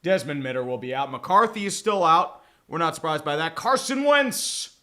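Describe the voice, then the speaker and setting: Bright-voiced joking man hosting a sports stream. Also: fairly high pitch, lively intonation, brisk. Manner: joking, profane, rambling, with big dramatic swings. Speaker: livestream host. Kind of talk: casual live sports watch-along chat.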